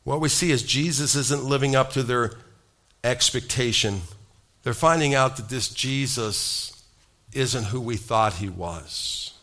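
A man's voice: medium pitch, a little slow, sharp tone. A man preaching a sermon, emphatic, calling out questions to his congregation. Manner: emphatic preaching with audience call-outs. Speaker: pastor.

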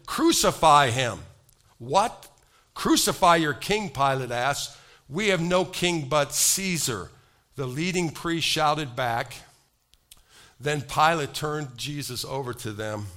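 A man's voice: medium pitch, bright, forceful tone. A man preaching a sermon, emphatic, calling out questions to his congregation. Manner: emphatic preaching with audience call-outs. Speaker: pastor.

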